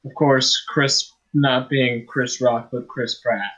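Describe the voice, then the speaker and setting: A man's voice: medium pitch, fairly even intonation, slow pace, a bit bright, husky. A man co-hosting a podcast in casual chat, making dry offhand remarks and reading things out as he looks them up. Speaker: podcast co-host. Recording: dull lo-fi mic.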